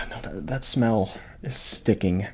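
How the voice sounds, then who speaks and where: A man's voice: on the low side, expressive, slow pace, husky. A young man chatting casually while streaming a game, rambling and reading chat aloud. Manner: rambling, laid-back, reads chat aloud.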